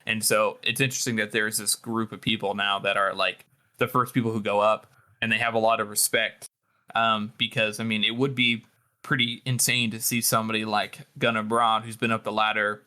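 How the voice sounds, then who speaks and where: A man with a bright, forceful voice co-hosts a casual book discussion. He wanders through his points with lots of "you know" and "like", restarting sentences as he goes. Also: lowish voice, little pitch movement, fairly quick. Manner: rambling, many fillers and restarts. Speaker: podcast co-host.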